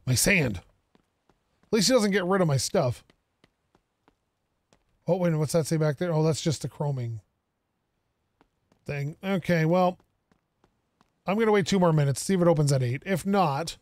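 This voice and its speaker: A man with a fairly high voice chats his way through a game, thinking out loud and bantering with the characters on screen. His voice sounds dry and close, with no room echo. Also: unhurried, long pauses. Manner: chatty, thinks aloud, jokes with game characters. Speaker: gaming streamer. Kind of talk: casual gameplay commentary.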